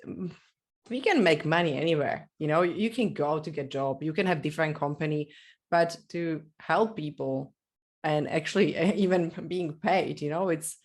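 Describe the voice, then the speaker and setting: A woman hosting a podcast interview, asking long rambling questions and searching for her words. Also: low voice. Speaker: podcast host. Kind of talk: casual interview chat.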